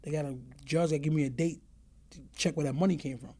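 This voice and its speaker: In a casual storytelling interview, a middle-aged male guest recounts episodes from his past, voicing the people in them and often asking "you know what I mean". His voice is a little high and a little mellow, with fairly even intonation and a quick pace.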